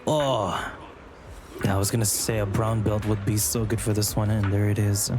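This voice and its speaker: A man's voice: fairly low pitch, flat delivery, normal speed, music in the background. A young man casually commentating a game on a live stream, chatty and joking, gushing about character designs.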